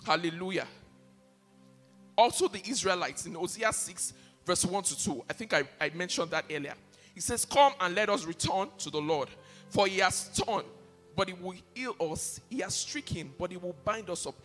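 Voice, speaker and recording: A man's voice: high-pitched, lively intonation, moderate pace, fairly bright tone. A male pastor preaching an impassioned sermon, repeating key phrases for emphasis. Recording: reverberant hall with faint music behind.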